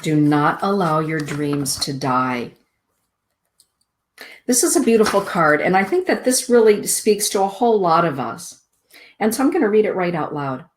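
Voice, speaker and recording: A middle-aged woman hosting a spiritual show, reading oracle cards aloud in a soothing, deliberate way. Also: fairly low pitch, big pitch swings. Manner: slow, soothing, deliberate delivery with drawn-out words. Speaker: host giving oracle card readings.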